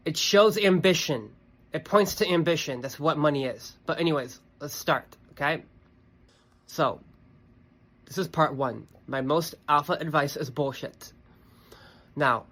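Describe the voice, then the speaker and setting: A young man holds forth as a podcast host in a bright, sharp voice that sits a little high for a man. He talks emphatically and curses freely, peppering his points with "okay" and "you guys." Faint music runs underneath. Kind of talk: casual monologue.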